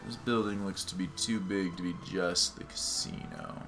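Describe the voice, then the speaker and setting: Low-voiced man chatting over game music. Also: wildly swooping pitch, normal speed, creaky. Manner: chatty, self-mocking, laughs easily. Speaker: let's play host. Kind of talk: casual game commentary. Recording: game music playing behind the voice.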